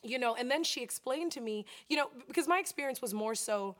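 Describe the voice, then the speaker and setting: A woman's voice: fairly high pitch, animated, fast talker. A woman co-hosting a candid, casual chat, telling a personal story animatedly and acting out dialogue. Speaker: podcast co-host.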